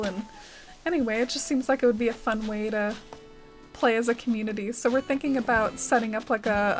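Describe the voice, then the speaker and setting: Woman, young adult, game streamer, casual rambling chat, fillers everywhere, a bit high-pitched. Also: rough recording. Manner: chatty, rambling, heavy use of "like" and "uh". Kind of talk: casual chat while playing.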